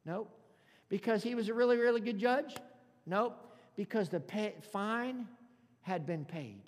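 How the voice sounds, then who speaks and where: A man preaching a sermon to a congregation, calling out for amens and exclaiming loudly between points. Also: high voice, measured pace. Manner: preaching with loud exclamations and call-outs. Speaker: pastor. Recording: music under reverberant hall.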